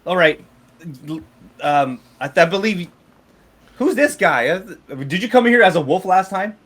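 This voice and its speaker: A man's voice: high-pitched, big pitch swings, measured pace, a bit bright, pitched above the performer's own voice, heavily acted. A man voicing a brusque, exasperated female shopkeeper and blacksmith in a tabletop game.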